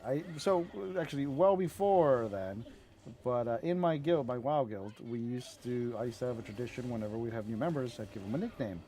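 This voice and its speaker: A man's voice: medium pitch, mellow, a little hiss or hum. A man chatting casually over a video game stream, telling rambling stories and swearing loosely as he plays. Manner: rambling storyteller, swears casually, laughs at his own stories. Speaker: gaming streamer. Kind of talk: casual gameplay commentary.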